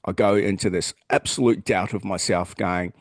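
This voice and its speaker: A man's voice: low-pitched, fairly even intonation, moderate pace, no room sound, clean studio sound. An Australian man co-hosting a podcast, talking in a blunt, earnest way and swearing freely. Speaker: podcast co-host. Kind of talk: casual chat.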